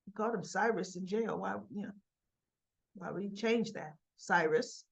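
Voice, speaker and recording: A woman's voice: medium pitch, normal speed, creaky. A woman giving a casual, chatty recap of soap opera scenes, slipping in asides and quoted dialogue.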